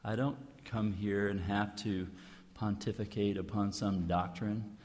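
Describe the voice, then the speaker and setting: A man giving an earnest, emphatic inspirational talk as a guest speaker, stressing key phrases slowly. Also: on the low side, fairly even intonation, darkish tone. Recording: long hall reverb.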